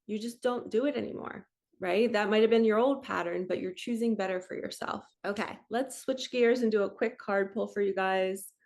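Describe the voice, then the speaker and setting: A woman manifestation coach giving casual spiritual coaching talk, relaxed and encouraging. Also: mid-range voice, moderate pace, creaky.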